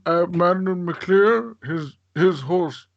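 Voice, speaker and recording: A man's voice: high voice, animated, takes it slowly, vocal fry, no room sound, voice pushed up, exaggerated voice. A man voicing a nervous, bumbling male adventurer who stammers, on dull lo-fi audio. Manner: hesitant, stammering.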